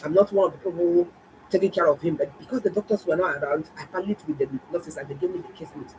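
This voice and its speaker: A woman doctor, telling viewers a story in a casual, animated and emphatic way. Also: lowish voice, quick pace, noisy background. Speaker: doctor and health vlogger.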